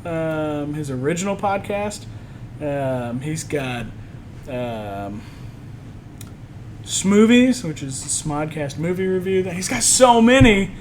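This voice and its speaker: A man on a podcast, casually telling an animated story and acting out what others said. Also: on the high side, slow pace, slight background noise, low-quality recording. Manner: animated storytelling, acts out quotes. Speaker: podcast co-host. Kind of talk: casual chat.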